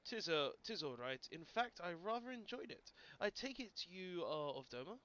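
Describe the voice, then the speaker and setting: Brief: a man doing a dignified young noble, formal, bright, lo-fi stream audio. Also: high-pitched, sing-song, moderate pace, slight background noise, heavily acted. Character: dignified young male lord. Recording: dull lo-fi stream audio, faint game music.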